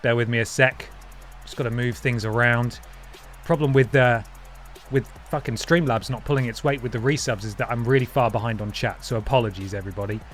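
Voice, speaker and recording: A man's voice: medium pitch, fairly even intonation, a little fast, soft background music. A man hosting a live stream, chatting casually and thanking viewers one by one by name, often trailing off and restarting mid-sentence. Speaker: livestream host.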